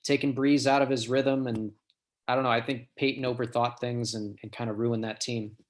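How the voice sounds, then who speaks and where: Male podcast co-host, casual and opinionated, average pitch. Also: flat delivery, moderate pace.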